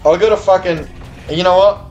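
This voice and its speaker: A man's voice: high voice, fairly even intonation, normal speed, a little mellow, dull audio, soft background music. A man who is a bit tipsy and slurring, chatting and swearing while he streams to viewers. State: tipsy, slurring a little after beers. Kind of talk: live gambling stream chat. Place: hotel or home room abroad.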